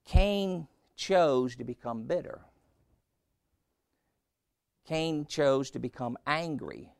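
A man delivers a sermon with a gravelly edge at a slow, deliberate pace. He stresses each point and puts questions to his listeners. The sound is dry and close. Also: medium pitch, no room sound. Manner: slow, emphatic preaching with questions to the congregation. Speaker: preacher.

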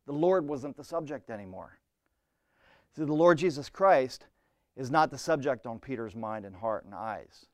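A man's voice: medium pitch, darkish tone, no echo, studio quality. Earnest, conversational male preacher. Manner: earnest, conversational, with frequent restarts and "you know". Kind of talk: sermon.

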